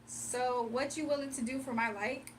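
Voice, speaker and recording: A young woman with a high, bright voice chats casually on a livestream, playful and teasing, laughing between comments. She sits a little back from the mic, with faint noise behind her. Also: steady tone, normal speed, far from the mic. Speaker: livestream host.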